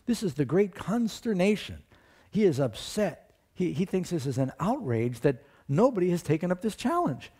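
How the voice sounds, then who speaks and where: A male pastor preaching with a lively, widely swinging voice as he retells a story and puts questions to the congregation. His voice sits a bit high and has a husky edge. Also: moderate pace. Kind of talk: sermon.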